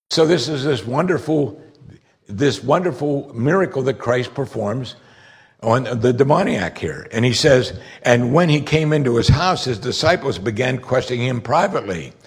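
A man preaching a conversational sermon, explaining scripture and rising sharply in pitch when he makes a strong point. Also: breathy edge. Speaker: pastor.

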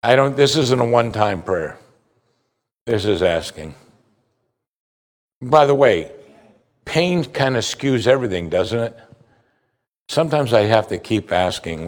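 A man preaching a sermon, emphatic and animated, asking rhetorical questions. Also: mid-range voice, measured pace, long pauses. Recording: long hall reverb.

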